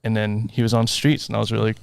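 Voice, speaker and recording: A man's voice: fairly low pitch, fast talker, gravelly, smooth. A man, a music teacher, guesting on a podcast and telling stories with lots of laughs. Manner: animated storyteller who acts out voices and laughs often. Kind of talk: casual podcast chat.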